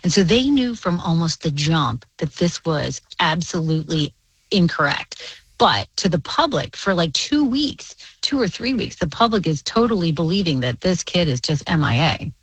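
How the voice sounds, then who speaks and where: A woman journalist guesting on a radio show, telling a story in an animated way with quick laughs. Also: lowish voice, slightly rough, dry recording, poor audio. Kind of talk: casual radio interview.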